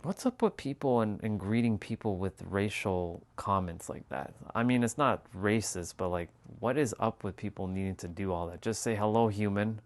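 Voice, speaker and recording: Low-voiced man rambling casually. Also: normal speed, few pauses. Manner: rambling and profane, laughs often. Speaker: livestream host. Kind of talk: casual chat.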